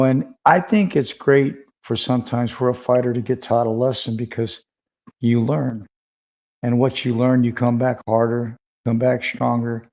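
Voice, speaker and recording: A man's voice: medium pitch, vocal fry, warm tone. An older man hosting a fight podcast, chatting casually and rambling through his questions. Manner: rambling, conversational, many fillers. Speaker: podcast host. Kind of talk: casual interview chat. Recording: dull lo-fi sound.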